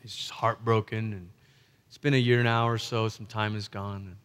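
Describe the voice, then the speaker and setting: A male pastor preaching a sermon in a conversational way, slipping into gentle acted-out quotes. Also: lowish voice, flat delivery, moderate pace, clear, resonant tone. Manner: conversational, acts out tender quoted lines. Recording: long reverb of a large hall.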